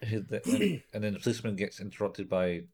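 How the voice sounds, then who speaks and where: A man's voice: on the low side, big pitch swings, fast, a little mellow, slightly rough. A man casually recapping an episode in a chat, rambling along and acting out quotes with laughs.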